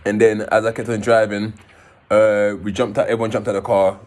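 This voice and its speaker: A man, casually telling his own story in an animated way, swearing and acting out scenes. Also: lowish voice, brisk. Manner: animated, swearing, acts out scenes in raised voices.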